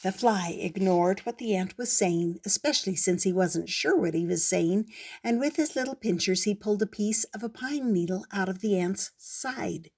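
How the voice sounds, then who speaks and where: An older woman reading a picture book aloud in an expressive storytelling manner. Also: mid-range voice, normal speed.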